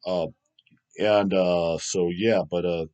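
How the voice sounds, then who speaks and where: A man's voice: low voice, fairly even intonation, slow pace, darkish tone, smooth, dull audio. A man in his thirties hosting his own channel, reading viewer comments and answering in a blunt, profane, casual rant with frequent laughs. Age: 30s.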